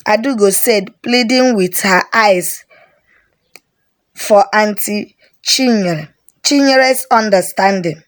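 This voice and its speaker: A woman narrating a folk story in a slow, deliberate way. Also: medium pitch.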